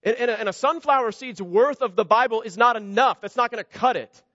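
A man's voice: very high voice, brisk, sharp tone, dry recording, long reverb tail, highs cut off. A man preaching a sermon, earnest and conversational, asking rhetorical questions of his listeners. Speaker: pastor.

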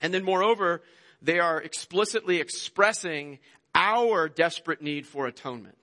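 A man's voice: sits high, lively intonation, moderate pace, bright, forceful tone. A man preaching a sermon, earnest and conversational, often repeating words as he goes. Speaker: pastor. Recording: long hall reverb.

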